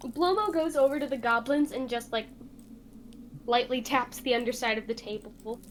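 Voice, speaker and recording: A woman playing a tabletop game, excitable and giggly. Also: fairly high pitch, normal speed, a little hiss or hum. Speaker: player. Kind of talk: tabletop play.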